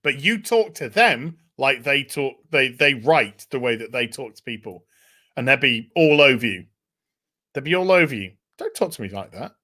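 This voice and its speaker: A man's voice: medium pitch, lively intonation, moderate pace, sharp tone. A man hosting a casual podcast, swearing freely and reading out viewer messages. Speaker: podcast host.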